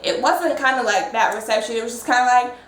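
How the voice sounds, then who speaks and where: A young woman hosting a casual TV recap chat, talking chattily and mimicking people in quick asides. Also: a little high, fairly bright tone, slight background noise. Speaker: host. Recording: echoey room.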